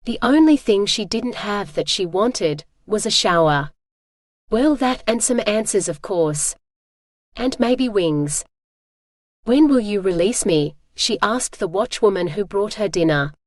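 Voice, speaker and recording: Audiobook narrator, woman, mid pitch, steady read, dry close sound. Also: a little slow, no room sound. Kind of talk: scripted narration.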